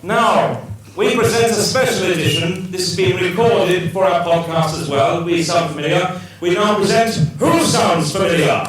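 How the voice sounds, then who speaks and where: A man's voice: sits high, moderate pace, distant mic, crowd noise. A man introducing a live comedy show in a theatrical compère manner. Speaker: comedy podcast host. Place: live stage show in a large hall. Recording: echoey live hall, mic from afar. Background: audience.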